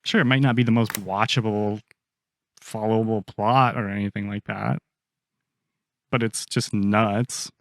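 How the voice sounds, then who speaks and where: A man's voice: fairly low pitch, steady tone, measured pace, pauses often, no echo, clean studio sound. A man co-hosting a podcast, telling stories in casual chat with a loose, swearing manner. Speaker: podcast co-host.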